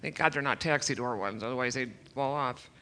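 A woman in her fifties gives a personal testimony at a church service, earnest, emotional and a little nervous, with flashes of self-deprecating humor. Her bass voice is brisk, bright and forceful.

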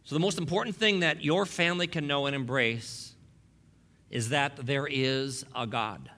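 A man's voice: medium pitch, moderate pace, sharp tone. A man preaching a sermon as pastor, emphatic and fond of repeating key lines, with wry asides to the congregation.

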